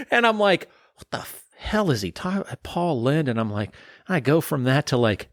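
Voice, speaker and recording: A man co-hosting a podcast, telling stories in a casual, animated way and laughing often. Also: on the high side, no echo, studio quality. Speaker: podcast co-host. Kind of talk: casual interview chat.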